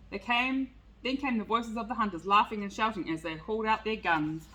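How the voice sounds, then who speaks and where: A woman's voice: mid-range voice, pushed and bright, poor audio. A woman reading a picture book aloud with expression. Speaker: storyteller.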